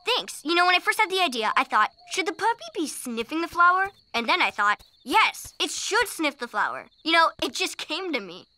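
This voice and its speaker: A woman voicing an excitable young boy elephant in a cartoon, eager and gushing as he talks. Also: very high voice, brisk, hardly any pauses, a little hiss or hum, exaggerated voice. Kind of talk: cartoon voice acting.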